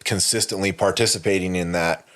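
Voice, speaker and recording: Deep voiced podcast guy, rambly storytelling, lots of likes and f-words. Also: steady tone, brisk, a bit bright. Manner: rambling, many fillers and restarts, swears freely. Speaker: podcast co-host. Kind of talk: candid conversational storytelling.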